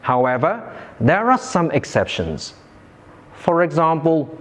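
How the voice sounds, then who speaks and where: A man teaching English pronunciation in a slow, careful, clearly articulated scripted lesson. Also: a little high, sing-song.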